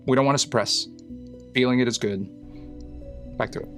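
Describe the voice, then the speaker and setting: A man's voice: mid-range voice, normal speed, a bit bright, soft background music. A man, a psychologist, talking through a clip in a casual explanatory way with lots of fillers. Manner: explanatory, uses fillers and analogies. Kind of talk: reaction commentary.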